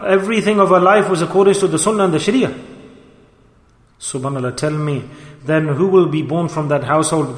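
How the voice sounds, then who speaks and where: A man's voice: on the high side, fairly bright tone. A male preacher, telling a moral story in a sermon with urgent, repeated questions. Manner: urgent, questioning, repeats phrases, rapid bursts. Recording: echoey hall reverb.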